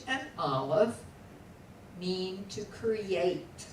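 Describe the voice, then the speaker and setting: Speaking slowly at a medium pitch, this woman teaches Hebrew, patiently saying words aloud and having students echo each syllable. The recording picks her up from far off in a reverberant room with a faint background hum.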